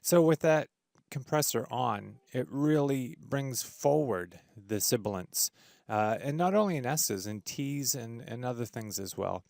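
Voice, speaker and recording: A man hosting a casual audio software tutorial, enthusiastic and full of fillers and restarts. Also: medium pitch, animated, a little slow, creaky, dry recording, clean studio sound. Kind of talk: screen-recorded software tutorial. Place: home studio with treated room.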